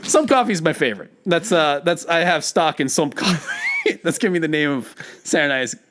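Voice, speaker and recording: A man co-hosting a podcast, talking in casual banter, emphatic and quick to laugh. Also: on the high side, noisy background. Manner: animated and emphatic, laughs often. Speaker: podcast co-host.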